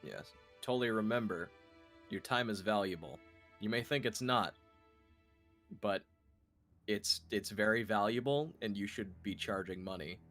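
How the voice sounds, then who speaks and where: A man's voice: on the low side, unhurried, pauses often, a bit bright, soft background music. A man in casual, joking chat with friends during a game livestream, swearing and laughing often. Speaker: gamer friend on livestream call.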